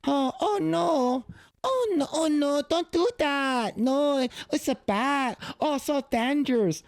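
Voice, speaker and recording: A man's voice: very high-pitched, slow, gravelly, dry recording, voice pushed up, full character voice. A man doing a fretting Mandarin-accented parent. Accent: Mandarin-style English. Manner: anxious fussing exaggerated accent. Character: fussy worried Chinese parent.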